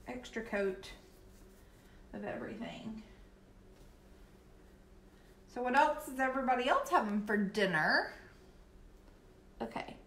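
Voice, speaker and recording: A chatty young woman with a Southern US drawl talks slowly and easily as she paints on a live stream. Her voice sits a little high, and she keeps up friendly banter with viewers. The sound is echoey, with a faint hum of room noise underneath. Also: a bit bright. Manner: chatty, reads and answers viewer comments. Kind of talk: casual chat while painting live.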